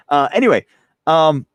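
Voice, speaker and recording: A man's voice: on the high side, no echo, muffled recording. A young man casually chatting on a live stream as a host, rambling and self-deprecating, often laughing while reading chat. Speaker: gun channel host.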